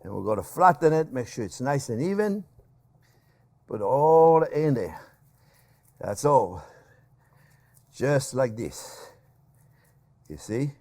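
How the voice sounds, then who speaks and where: Lively older chef with a tongue. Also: male voice, medium pitch, takes it slowly, long pauses. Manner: chatty, animated, laughs at himself, calls viewers friends. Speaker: chef and cooking show host. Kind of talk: casual cooking demonstration.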